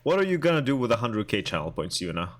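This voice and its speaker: A young man streaming and chatting casually with his viewers, halting and talkative as he answers chat aloud. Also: medium pitch, big pitch swings.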